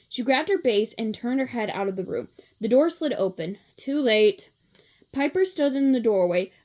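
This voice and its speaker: A woman reading a children's novel aloud as a read-along narrator, steady with small slips and self-corrections. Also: on the high side.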